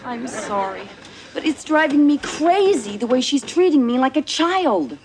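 A woman's voice: sits high, very animated, measured pace. A middle-aged woman playing a sitcom mother who talks in an insistent, firm, exasperated way. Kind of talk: sitcom acting.

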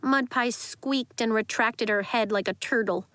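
A woman narrating a children's story in a lively, expressive way. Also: on the high side, measured pace, no echo. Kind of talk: audiobook narration.

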